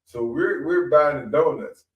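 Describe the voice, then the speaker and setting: Rambling storyteller, echoey distant mic. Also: male voice, a little high, measured pace, dull audio. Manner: rambling, repeats himself, animated. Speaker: podcast guest. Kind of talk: animated storytelling.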